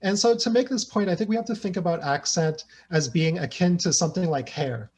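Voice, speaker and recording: A man's voice: high voice, fairly quick, darkish tone, breathy edge. A man giving an academic presentation over a video call, conversational, with hesitations and frequent "right?" tags. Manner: thinks aloud with hesitations. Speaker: guest researcher presenting.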